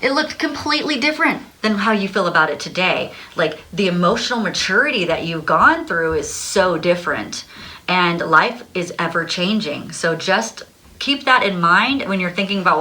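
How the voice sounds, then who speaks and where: A woman's voice: on the low side, lively intonation, moderate pace, pushed and bright. A young adult woman giving a casual tarot reading, bubbly and breathless, laughing often as she talks. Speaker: tarot card reader.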